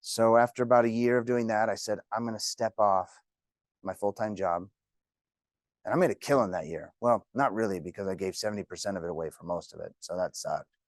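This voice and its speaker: A man's voice: fairly low pitch, fairly quick, no room sound, clean studio sound. Jokey male real estate trainer. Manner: jokey, storytelling. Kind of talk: classroom talk.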